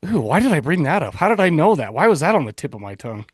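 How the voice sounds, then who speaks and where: A man's voice: a little high, sing-song, racing, husky, dry recording, clean studio sound. A man co-hosting a casual podcast, joking and rambling with frequent restarts. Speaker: podcast co-host. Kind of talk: casual chat.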